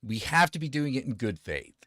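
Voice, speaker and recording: A man's voice: mid-range voice, big pitch swings, a little fast, a bit bright, no room sound, clean studio sound. A man hosting a casual podcast, joking in a sarcastic, profane way. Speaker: host.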